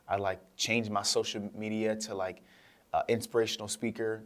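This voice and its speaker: A young man appears as a guest speaker in an interview, telling his story and acting out what people said to him as an animated storyteller. His voice is fairly low in pitch and a little fast.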